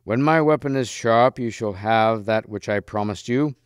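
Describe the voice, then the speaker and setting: A man's voice: moderate pace, clean tone, no room sound, clean studio sound, lightly acted. A man reading aloud and voicing a huge, fierce green-faced knight with a mighty, commanding voice. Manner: booming, commanding.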